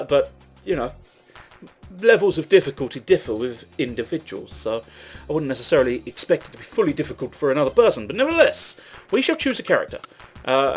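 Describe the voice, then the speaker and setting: Rambling, swearing gameplay commentator. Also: mid-range voice. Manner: rambling, self-correcting, swears at mistakes. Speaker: let's play gamer.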